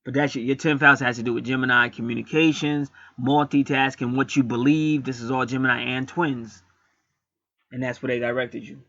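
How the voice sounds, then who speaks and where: Gravelly blunt man reading a chart. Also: mid-range voice, normal speed, dry recording, lo-fi sound. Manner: animated, repetitive, preachy and blunt. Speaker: astrology and angel card reader. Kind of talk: casual spoken chart reading.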